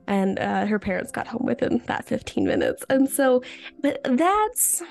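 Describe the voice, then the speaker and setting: Chatty woman podcast host with vocal fry. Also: a little high, wildly swooping pitch, a little slow, a little mellow, soft background music. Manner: chatty, talks straight to listeners; frequent restarts and fillers. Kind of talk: casual teaching chat.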